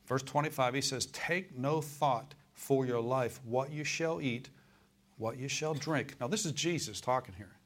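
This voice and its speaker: In a church, a male pastor with a medium-pitched voice preaches a folksy sermon. He asks the congregation to respond and slows down when reading scripture aloud.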